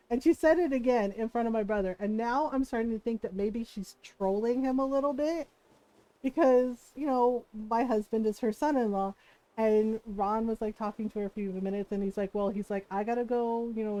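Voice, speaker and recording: A woman's voice: on the high side, darkish tone, rough recording. A woman streamer telling family stories in a casual, giggly, chatty way at a close mic. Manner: giggly, chatty, many restarts. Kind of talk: casual storytelling.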